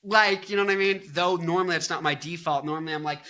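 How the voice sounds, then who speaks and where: Bright-voiced young man rambling casually. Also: on the high side, fast talker. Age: 20s. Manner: rambling, filler-heavy, joking. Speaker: vlogger and musician. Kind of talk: casual opinion vlog.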